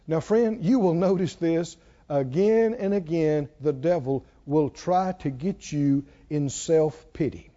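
A man preaching a sermon, swinging between hushed warnings and hollered lines and acting out a tempter's whisper. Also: sits high, unhurried, muffled recording.

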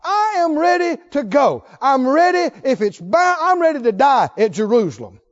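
A preacher performs a resolute, exasperated apostle who will not be talked out of his journey. He scolds in a high, swooping voice. The recording sounds dull and lo-fi. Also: very animated, moderate pace. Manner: scolding, insistent.

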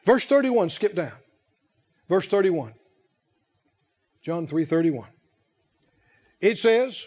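A man preaching a sermon, emphatic and repetitive, who slows to stress key phrases and rises in fervor. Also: high-pitched, sing-song, a little mellow. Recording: dull lo-fi recording.

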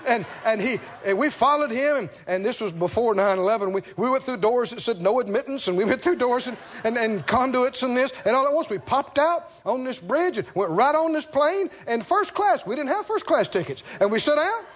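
High-pitched animated preacher man. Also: dull audio, slight background noise. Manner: storytelling with animated asides and laughter; emphatic, repeats key lines slowly. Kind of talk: sermon.

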